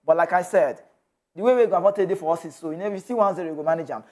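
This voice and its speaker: A man's voice: high-pitched, racing, a little mellow. A man with a Nigerian accent hosting a football news show, chatty and loose, slipping into pidgin asides. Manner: chatty, mixes in pidgin asides, laughs often. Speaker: sports show host. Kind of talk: casual football news commentary.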